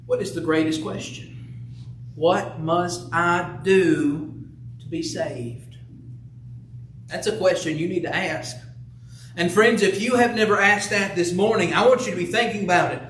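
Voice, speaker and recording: A man with a high voice preaches a sermon, posing earnest rhetorical questions and reading scripture. He sounds set back from the microphone, and his voice rings around a church sanctuary. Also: brisk, fairly bright tone, distant mic, slight background noise. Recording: echoey room, voice from off the mic.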